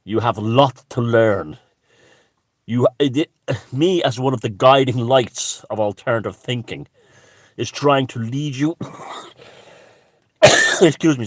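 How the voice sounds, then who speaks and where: A man's voice: medium pitch, dry recording. A man delivering a crude, scornful ranting monologue as a commentator, swearing heavily. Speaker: alternative-thinking commentator.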